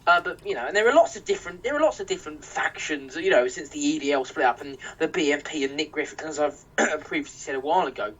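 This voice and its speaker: A man's voice: fairly high pitch, animated, fast talker, hardly any pauses, fairly bright tone, dull audio. A young man from England ranting on a podcast, heated and sweary, full of restarts. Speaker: podcast host. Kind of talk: casual podcast rant. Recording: distant mic with faint noise.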